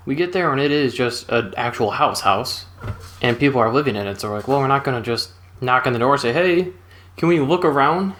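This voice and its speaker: A man's voice: medium pitch, a bit bright, a little hiss or hum. Laid-back young man telling a story. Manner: laid-back, chuckling, rambling retelling. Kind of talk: casual storytelling.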